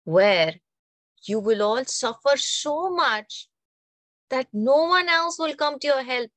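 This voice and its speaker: A woman's voice: fairly high pitch, a little slow, fairly bright tone, no echo. A woman voicing an angry male bull deity who solemnly lays down a curse, in an Indian English accent. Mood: stern cursing.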